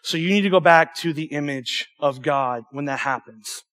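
Young male youth pastor, high-pitched, animated preaching, stumbles through asides. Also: normal speed. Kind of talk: sermon.

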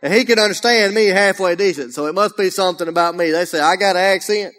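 Man, Alabama Southern accent, folksy humorous preacher, energetic, higher voice, long church reverb. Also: fast. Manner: humorous, folksy, energetic, often raises his voice. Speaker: guest preacher. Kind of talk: folksy sermon. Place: church sanctuary.

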